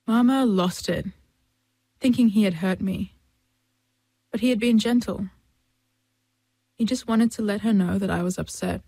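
A woman reading a first-person story as an audiobook, in a measured storytelling manner and close to the mic. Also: mid-range voice, gravelly, warm tone, dry recording. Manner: measured storytelling, voicing family and friends in dialogue. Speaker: audiobook narrator.

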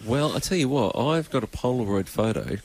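A man's voice: mid-range voice, sing-song, a little fast, vocal fry, darkish tone. A man co-hosting a music show, chuckling and agreeing in casual banter. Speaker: radio show co-host. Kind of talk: casual chat.

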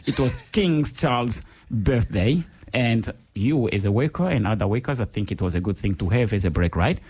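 Husky guy hosting a radio show, jokey and teasing, studio mic. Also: moderate pace. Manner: playful, teasing, laughs often, lively jumps in pitch. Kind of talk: casual live radio chat.

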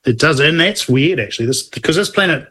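A man's voice: fairly high pitch, lively intonation, fairly quick, pushed and bright. A man, co-hosting a casual science chat, explaining at length with restarts and asides. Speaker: podcast co-host explaining astronomy.

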